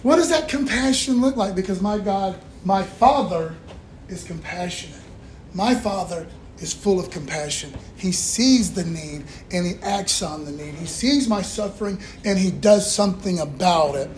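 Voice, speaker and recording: A man's voice: high voice, normal speed. A male pastor preaching a sermon in a folksy call-and-response style, with casual asides to the congregation. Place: church. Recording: echoey room, faint room noise.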